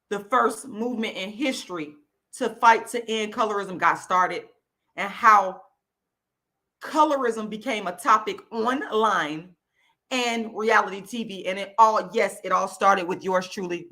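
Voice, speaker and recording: A woman from Florida, hosting her own channel and ranting angrily into the camera with loud, profane, repetitive emphasis. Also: mid-range voice, unhurried. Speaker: YouTube channel host. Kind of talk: angry direct-to-camera rant.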